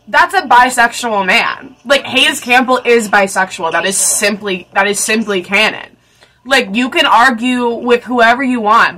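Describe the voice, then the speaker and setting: Gushing bright-voiced young woman. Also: fairly high pitch. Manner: gushing, excitable, swearing, frequent giggles. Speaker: YouTuber reacting to a movie. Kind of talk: casual reaction vlog.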